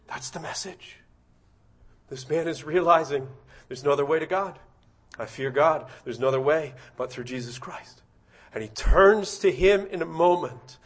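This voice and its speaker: Male preacher, high voice, fervent sermon delivery, direct questions to the congregation. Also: slightly rough. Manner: rising to loud, high-pitched impassioned preaching.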